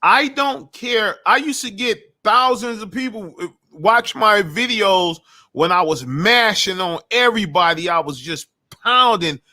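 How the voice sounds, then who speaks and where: A high-pitched man with a bright, forceful voice, chatting casually as a guest. He talks emphatically and keeps circling back with profane restarts. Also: animated, a little slow. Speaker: guest YouTube creator. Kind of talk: casual chat.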